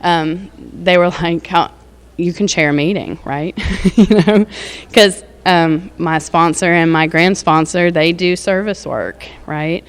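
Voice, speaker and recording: A woman's voice: lowish voice, steady tone, slow, clear, resonant tone. A woman, telling her personal recovery story in a candid, rambling way, with lots of fillers and laughs. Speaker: recovery speaker. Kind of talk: personal testimony.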